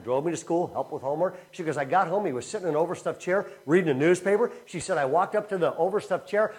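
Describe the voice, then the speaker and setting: A man preaching a sermon to his congregation, telling stories with animated bursts and slowing down for earnest, repeated emphasis. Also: fairly high pitch. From Southern California. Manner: animated storytelling with laughter, then slow earnest emphasis. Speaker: pastor. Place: church before a congregation.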